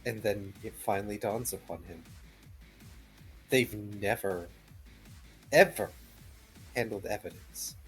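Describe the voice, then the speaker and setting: A man narrating his own character's actions in a tabletop game in a measured, dry way. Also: on the low side, soft background music. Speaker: player.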